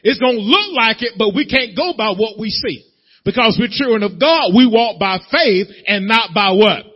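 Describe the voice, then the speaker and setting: Husky, high-pitched male preacher, driving rhythmic call-and-response, dull muffled recording. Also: animated, moderate pace. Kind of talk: sermon.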